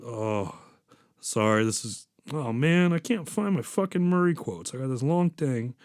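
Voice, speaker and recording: A man's voice: medium pitch, lively intonation, unhurried, a little mellow, no echo, studio quality. A man hosting a podcast, chatting casually and going off on profane tangents with small chuckles. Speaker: podcast host. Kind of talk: casual rambling chat.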